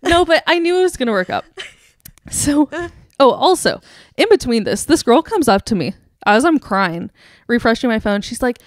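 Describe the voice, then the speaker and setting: A young woman co-hosting a podcast, telling a story in a casual, animated way, laughing and acting out quotes. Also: on the high side, moderate pace, no room sound, studio quality. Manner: animated, giggly, acts out quotes. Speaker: podcast co-host.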